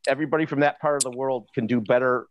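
A man's voice: mid-range voice, steady tone, quick pace. A man co-hosting a casual live chat, talking in loose, rambling anecdotes full of restarts. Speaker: co-host on a live stream. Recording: dull dry sound.

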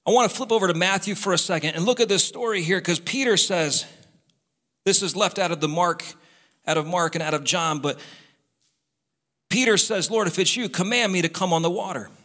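Man, pastor, fervent sermon, bright voice, long church reverb. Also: high-pitched, a little fast. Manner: impassioned, repetitive exhortations, talks straight to the congregation.

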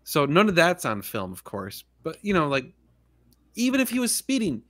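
A man's voice: fairly high pitch, huge pitch swings, moderate pace, a bit bright. A man hosting a casual livestream chat, talking in a laid-back, rambling way and laughing often. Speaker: podcast host.

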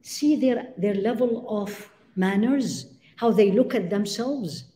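A woman's voice: mid-range voice, slow pace, warm tone. Emphatic woman lecturing in an echoey room. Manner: emphatic, rhetorical questions, cites Arabic phrases. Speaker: Islamic lecturer. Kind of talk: religious lecture to a live audience.

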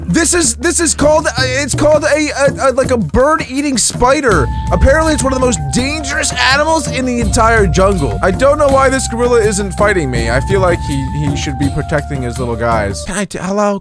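A young man giving excitable let's-play commentary, yelping and shouting at surprises, with quick asides to viewers. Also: extremely high pitch, music in the background. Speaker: gaming YouTuber.

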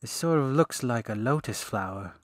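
A man's voice: medium pitch, expressive, normal speed, no room sound, clean studio sound, natural voice. A man voicing a grumbling young male companion in an audiobook. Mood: awed. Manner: grumbling, quivering.

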